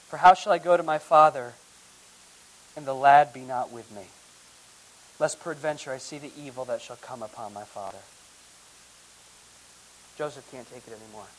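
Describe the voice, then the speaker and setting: High-voiced preacher with dramatic swings. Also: male voice, moderate pace, pauses often, rough recording. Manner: dramatic, swinging from loud emphasis to hushed near-whispers; reads scripture aloud in old formal wording, then explains it. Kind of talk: verse-by-verse Bible teaching sermon.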